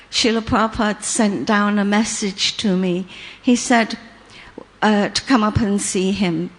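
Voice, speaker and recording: An older woman, telling a personal memory in an unhurried, halting way with many pauses and fillers. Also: mid-range voice. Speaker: storyteller sharing memories. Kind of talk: casual spoken recollection.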